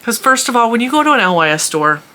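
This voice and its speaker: A woman chatting casually as a crochet vlogger, animated, laughing often and acting out what people said. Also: a little high, quick pace. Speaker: crochet YouTuber. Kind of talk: casual chatty vlog storytelling. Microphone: camera in a room at home.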